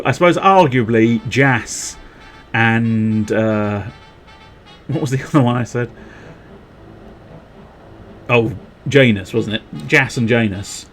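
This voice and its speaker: A young man streaming a video game, rambling, joking and reading game text aloud. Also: medium pitch. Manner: rambling, jokey, slow-paced, drifts between reading game text and wordplay. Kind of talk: casual gameplay commentary.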